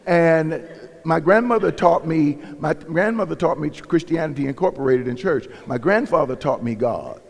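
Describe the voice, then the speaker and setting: A man's voice: a little high, moderate pace, vocal fry. Man preaching in an echoing church. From Cleveland, Ohio, USA. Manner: animated, swings from loud emphasis to hushed whispers. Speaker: pastor. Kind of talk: storytelling sermon. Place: church sanctuary.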